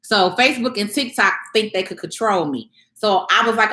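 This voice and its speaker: A woman coaching small business owners on a live stream, speaking with emphatic, conversational energy and often checking that her listeners follow. Her voice is bright and forceful, and it rings in an echoey room. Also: mid-range voice, moderate pace. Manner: emphatic, conversational, keeps asking "you get what I'm saying"; mocks others in raised playful voices.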